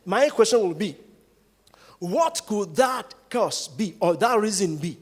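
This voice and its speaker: Nigerian pastor preaching in a reverberant hall. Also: male voice, sits high, expressive, takes it slowly. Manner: preaching with sudden loud rises and hushed drops. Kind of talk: sermon. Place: large church hall.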